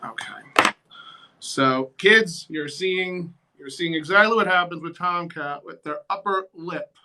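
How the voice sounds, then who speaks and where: A man's voice: high voice, measured pace, pushed and bright. A man, a drag performer and guest, chatting casually while doing makeup, sassy and theatrical.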